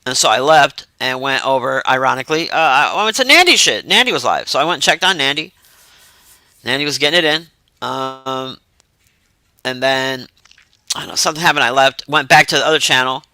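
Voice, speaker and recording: A man casually chatting to his live-stream viewers in a profane, animated way, swinging into mock outrage. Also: mid-range voice, fairly quick, no room sound.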